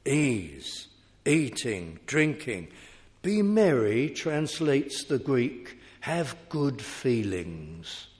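A man's voice: mid-range voice, darkish tone. A man preaching a sermon in an earnest, compassionate way in a church. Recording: echoey hall reverb.

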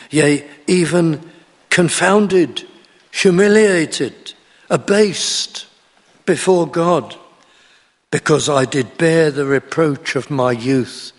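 A man's voice: medium pitch, in a large hall. A man preaching a sermon, earnest and pleading, pressing his questions to the congregation with rising emphasis.

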